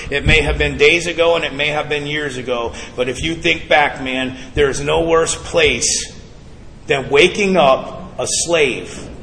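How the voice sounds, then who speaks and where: A man with a slightly high voice gives an earnest, emphatic testimony to a meeting crowd, often turning to them as guys. His voice rings through a large, reverberant hall with room ambience clearly behind him. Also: a bit bright, a little hiss or hum. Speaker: speaker sharing his recovery story at a twelve-step meeting. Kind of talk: personal testimony to a live group. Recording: echoey hall with background ambience.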